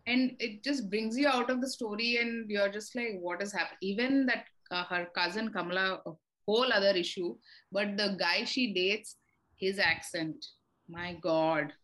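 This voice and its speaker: A woman's voice: mid-range voice, a little slow, fairly bright tone, poor audio. Woman from india venting about a show, frank and annoyed, loads of likes and uhs. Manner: frank, exasperated critique with frequent fillers. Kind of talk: casual podcast chat.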